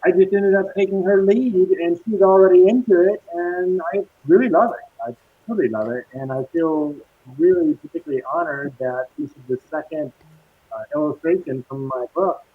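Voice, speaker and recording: A man's voice: high-pitched, moderate pace, slightly rough, no room sound. Cheerful man on a tinny video call. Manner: cheerful, laughing, playful. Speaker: guest costume designer. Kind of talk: casual video-call interview.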